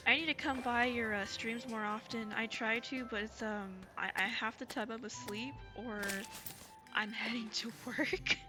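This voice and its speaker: A woman streamer chatting casually with her viewers, soft and gushing, stumbling over ums and restarts, still getting over a cold. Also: fairly high pitch, steady tone, moderate pace. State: recovering from a cold. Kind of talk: casual live-stream chat. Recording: streamer's mic with music behind.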